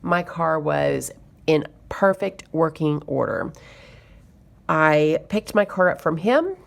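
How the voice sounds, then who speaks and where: Low gravelly-voiced woman vlogging, chatty and kinda exasperated, lots of ums. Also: big pitch swings, takes it slowly. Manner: chatty, exasperated retelling with fillers. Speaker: budgeting YouTuber. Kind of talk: casual storytelling to camera.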